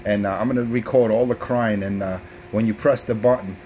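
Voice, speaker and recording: A man's voice: on the low side, fairly even intonation, a little fast, dull audio, a little hiss or hum. A man, trash-talking rivals as a brash, profane CB radio operator. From South Bronx, New York.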